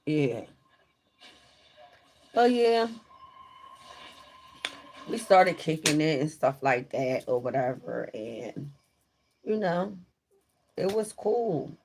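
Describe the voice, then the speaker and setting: A low-voiced woman speaking in talks loosely and emotionally to her livestream viewers. She is grieving, and her speech is full of slang and asides. A faint hum sits under her voice. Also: big pitch swings, very slow, pauses often, darkish tone. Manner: talkative, emotional, informal slang. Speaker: livestream host. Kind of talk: casual livestream storytelling.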